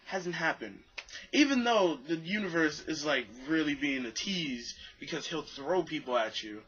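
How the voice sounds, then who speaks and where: A young man vlogging to camera in a rambling, self-deprecating way, mimicking other people in high voices. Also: animated, normal speed, a bit bright, dull audio. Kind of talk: casual monologue to camera.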